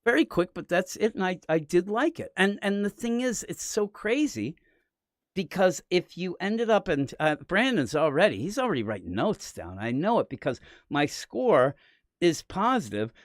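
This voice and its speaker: A man co-hosting a casual comic review podcast, talking in an animated, rambling way. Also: sits high, no room sound, studio quality. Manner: animated, rambling, quick to laugh. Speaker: podcast co-host.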